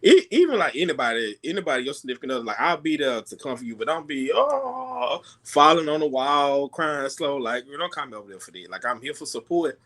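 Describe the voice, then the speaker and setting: A man's voice: fairly high pitch, big pitch swings, a little fast, hardly any pauses, a bit bright. A man co-hosting a casual chat show, talking emphatically with slang. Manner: emphatic, slangy, laughs a lot. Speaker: co-host.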